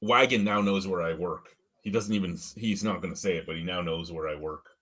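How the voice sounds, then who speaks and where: A man's voice: deep voice, a little fast, a bit bright. A man co-hosting a casual beer review chat, ranting with lots of swearing and getting worked up. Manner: profane, ranting, gets worked up. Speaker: beer review show co-host.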